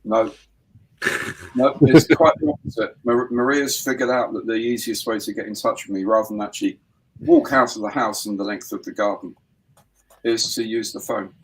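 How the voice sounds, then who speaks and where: An older man on a relaxed hobby stream, his voice low and a little husky. He tells dry, grumbling little stories about life at home. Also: normal speed, low-quality recording. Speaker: co-host on a modelling stream. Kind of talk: casual group chat on a modelling stream.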